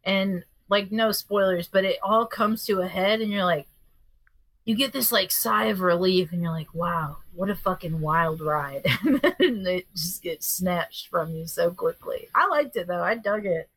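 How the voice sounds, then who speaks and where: A woman chatting casually on a podcast, telling animated stories with lots of swearing and quoted voices. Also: medium pitch, normal speed, no echo. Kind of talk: casual chat.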